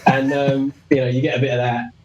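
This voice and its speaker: Young man, British accent, chatty, rambling, laughs often, middle pitch, muffled audio. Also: level tone, fast talker, darkish tone. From Britain. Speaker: interview guest. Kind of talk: casual storytelling.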